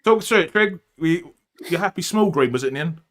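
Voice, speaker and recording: A man's voice: a little high, expressive, quick pace. A man hosting a casual live podcast chat, joking and rambling, with lots of ums and uhs. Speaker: podcast host.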